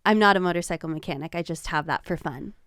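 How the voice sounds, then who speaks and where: A young woman chats as a podcast guest, laughing her way through dating stories and acting out the lines of the people in them. Her voice is smooth and clear, and the studio sound is dry and close. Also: on the low side, quick pace, dry recording. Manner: giggly, animated storyteller who acts out quotes. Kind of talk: casual chat, telling dating stories.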